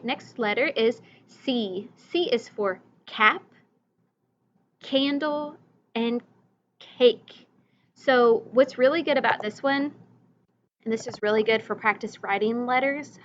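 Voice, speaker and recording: A woman teacher giving a recorded reading lesson, slowly modeling vocabulary words and letter sounds for young children and their parents. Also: on the high side, a bit bright, highs cut off, slight background noise.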